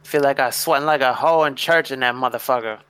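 A man voicing a smooth-talking male vampire who speaks in easygoing street slang. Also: medium pitch, fast talker, sharp tone, close to an everyday voice. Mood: casual.

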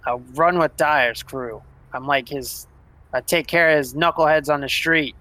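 A man's voice: a little high, normal speed, sharp tone, no room sound, voice pushed up, low-quality recording. A man voicing a profane, blunt young male street enforcer in a tabletop game. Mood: gruff.

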